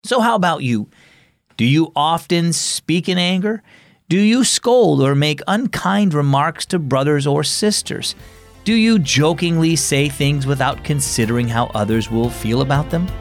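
A man hosting a children's devotional program, reading scripted narration and asking the listener friendly questions. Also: fairly high pitch.

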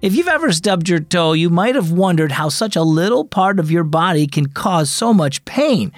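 A man's voice: high voice, very animated, normal speed, no echo, studio quality. A man hosting and narrating a children's devotional program with scripted storytelling in an upbeat, emphatic way. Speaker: host.

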